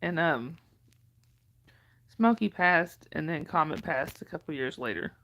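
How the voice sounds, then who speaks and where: A woman's voice: low voice, animated, unhurried, a bit bright, muffled recording, slight background noise. A middle-aged woman hosting a casual livestream, chatting with viewers, reading their comments aloud and cooing at her dog.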